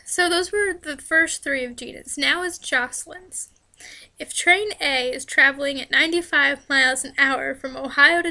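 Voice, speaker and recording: A young woman with a high, bright voice and a fair amount of vocal fry answers fan questions in a relaxed vlog chat. She often breaks into giggles partway through her sentences, and her delivery stays loose and conversational. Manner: giggly, laughs often while talking. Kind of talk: casual chat.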